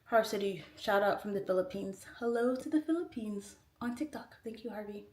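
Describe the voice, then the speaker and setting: A woman's voice: mid-range voice, fairly quick, a little mellow. A woman hosting a casual livestream, rambling and chatty as she reads out viewer comments. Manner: chatty and rambling, heavy use of "like". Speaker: livestream host. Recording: roomy echo, distant mic.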